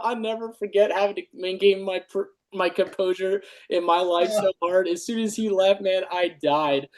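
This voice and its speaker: A man's voice: sits high, steady tone, moderate pace, few pauses. A middle-aged man, a retired army dog handler, telling stories on a podcast, swearing freely and laughing often. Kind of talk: casual storytelling chat.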